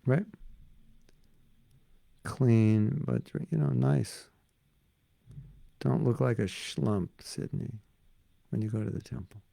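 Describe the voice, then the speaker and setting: An older man leads a relaxed devotional class in a gravelly voice. He talks casually, fields questions and now and then slips into chanted prayers. The sound is dry and close to the mic. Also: mid-range voice, slow pace, pauses often, no room sound. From United States. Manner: chatty, answers questions from the audience. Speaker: spiritual teacher.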